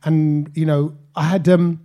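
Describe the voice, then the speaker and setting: A man's voice: on the high side, level tone, unhurried, mellow. A man, co-hosting a podcast in casual, jokey chat. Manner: chatty, jokey, talks over others. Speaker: podcast co-host.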